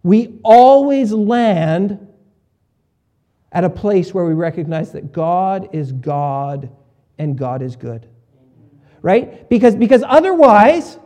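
A male pastor giving a conversational sermon. He often acts out what his listeners might say and often shifts between soft and loud. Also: high-pitched, expressive, slow, long pauses. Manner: conversational preaching with shifts in volume and voiced asides.

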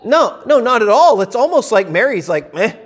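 A man preaches a sermon in a loose, conversational way, walking his listeners through a passage with question after question. His pitch rises and falls widely, and he often repeats words as he restarts a thought. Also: normal speed, husky. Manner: animated, conversational Bible teaching with rhetorical questions.

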